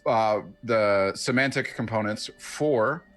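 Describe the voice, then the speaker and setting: A man's voice: on the low side, fairly bright tone, faint music behind. A man playing a tabletop role-playing game, casually describing his character's actions and thinking aloud as he goes. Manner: deliberate, thinks aloud with fillers. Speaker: player.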